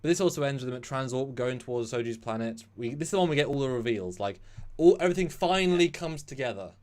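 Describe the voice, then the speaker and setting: A man co-hosting a casual live-stream chat, animated and rambling with sarcastic asides. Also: mid-range voice, quick pace. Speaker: co-host.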